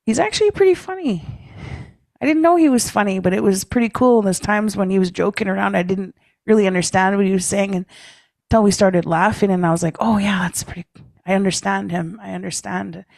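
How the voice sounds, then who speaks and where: A woman telling a personal story to a leaders' meeting, relaxed, often ending phrases with "hey?" or "eh?" and clearing her throat. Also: medium pitch, a little fast, dry recording. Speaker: speaker at a First Nations leaders' caucus. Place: meeting room.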